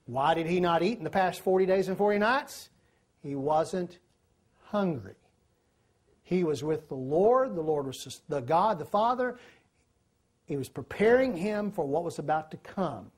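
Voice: mid-range voice, lively intonation, measured pace. A preacher, giving a sermon, telling stories and asking the listeners questions. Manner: storytelling, asks the listeners questions.

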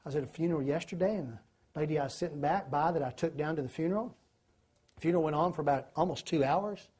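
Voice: mid-range voice, fast talker, a little mellow, husky. A preacher, giving a sermon, telling stories and asking the listeners questions. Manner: storytelling, asks the listeners questions.

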